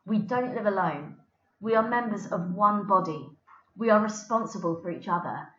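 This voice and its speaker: A woman reading aloud as a calm, authoritative male police inspector delivering a solemn closing speech. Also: medium pitch, lightly acted. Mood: solemn, commanding. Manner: firm, measured, commanding. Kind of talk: dramatic reading of a play. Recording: roomy, dull lo-fi recording.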